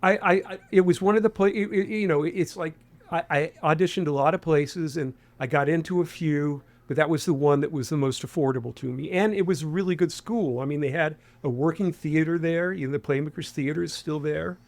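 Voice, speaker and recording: A man's voice: fairly high pitch, brisk. A man in his sixties from West Virginia, with a faint Appalachian accent, speaking as an interview guest. He rambles, restarting phrases and leaning on fillers. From Huntington, West Virginia. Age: 60s. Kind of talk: conversational interview.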